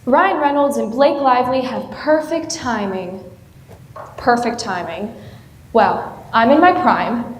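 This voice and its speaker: Girl acting a moony bride-to-be talking to herself, highish voice, far off in an echoey hall. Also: darkish tone, slight background noise, lightly acted. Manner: wistful and self-mocking. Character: lovelorn young woman, bride-to-be, wistful. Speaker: student actor. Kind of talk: stage play monologue.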